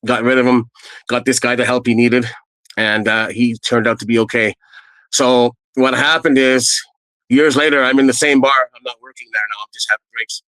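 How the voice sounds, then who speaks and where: A middle-aged man recounts his own past in casual, meandering anecdotes, often pausing on "um" and "uh." His pitch sits in an ordinary middle range for a man. The recording is dry, with no audible room. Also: steady tone, pushed and bright, no room sound, low-quality recording. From Canada. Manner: earnest, rambling anecdotes with fillers. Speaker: storyteller guest. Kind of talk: casual first-person storytelling.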